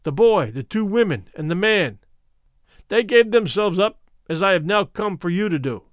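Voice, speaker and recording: A man's voice: sits high, lively intonation, normal speed, no room sound, clean studio sound. A man reading the lines of a young, earnest, resolute male army captain, speaking plainly and persuasively in an audiobook.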